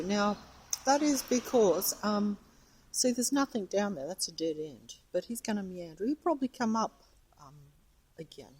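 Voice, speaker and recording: A woman's voice: medium pitch, a little hiss or hum. A woman rambling to the camera of her handheld phone outdoors on a residential street, chatting as she films. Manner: chatty, meandering, talks to camera and to her cat. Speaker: vlogger.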